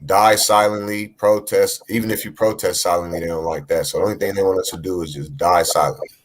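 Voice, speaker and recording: A man's voice: sits low, steady tone, fast, slight background noise. A man telling a personal story in a casual panel discussion, with frequent fillers. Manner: plain storytelling with many fillers. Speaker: panel guest.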